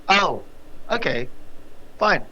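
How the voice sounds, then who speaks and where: A man's voice: high voice, big pitch swings, slow pace, pushed and bright, dull audio, a little hiss or hum. A man playing a tabletop game who chats casually and laughs at himself often. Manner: self-deprecating, laughing often. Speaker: player.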